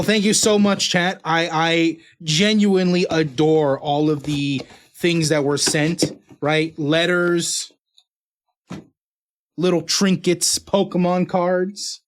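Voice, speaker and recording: Chatty streamer man, higher voice. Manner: playful, talks to his dog and chat while opening mail. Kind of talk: casual live-stream chat.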